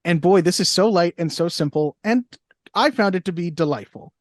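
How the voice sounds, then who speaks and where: A man's voice: high voice, normal speed, dry recording, clean studio sound. Rambling man podcaster in his thirties. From Long Island, New York. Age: 30s. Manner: rambling, hedging, thinks aloud. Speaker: podcast co-host. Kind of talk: casual chat.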